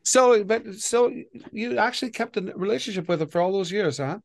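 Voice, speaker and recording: A male podcast host with a notably high voice, who speaks in brief prompts and amused reactions. He keeps to short questions and quick responses. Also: creaky.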